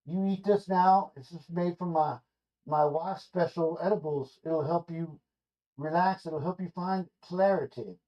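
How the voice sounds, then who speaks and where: A man voicing a laid-back male stoner Uber driver with an odd put-on accent and a slow, drawling manner, in a dull lo-fi recording. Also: a little high, mellow, voice pushed up, natural voice. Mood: easygoing.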